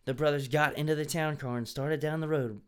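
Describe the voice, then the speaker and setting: Playful male story reader with a fairly high, smooth voice. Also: steady tone, fairly quick. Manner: playful, laughing at the text. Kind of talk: reading a story aloud with joking asides.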